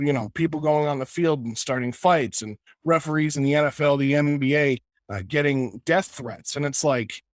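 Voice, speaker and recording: A man's voice: a little high, no room sound. Fired-up man ranting on a sports podcast. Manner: impassioned, ranting, many restarts. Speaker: podcast co-host. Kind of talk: casual sports podcast chat.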